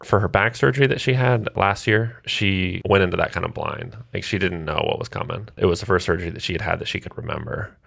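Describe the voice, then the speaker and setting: Man, very low voice, gravelly, interview guest, wry and relaxed. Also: fast talker, hardly any pauses. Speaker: guest parent. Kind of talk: casual interview conversation.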